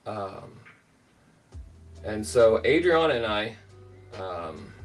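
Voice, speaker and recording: Middle-aged male streamer, chatty rambling storyteller, shouts out chat names, sits a bit back from the mic with soft music under. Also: on the low side, sing-song, extremely slow, distant mic. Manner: rambling, filler-heavy, greets chat by name. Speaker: livestream host. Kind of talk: casual storytelling on a livestream.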